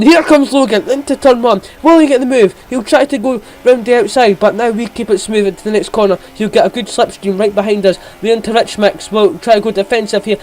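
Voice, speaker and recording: Male gamer, very high pitch, excitable race-style play-by-play. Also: low-quality recording. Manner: rapid, excitable, jumps in pitch at key moments. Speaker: gamer commentating his own racing game.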